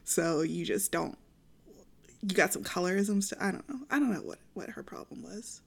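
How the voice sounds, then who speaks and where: Woman with a gravelly, relaxed voice. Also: medium pitch, moderate pace. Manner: relaxed, laughing, fillers. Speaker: book podcast co-host. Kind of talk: casual book discussion.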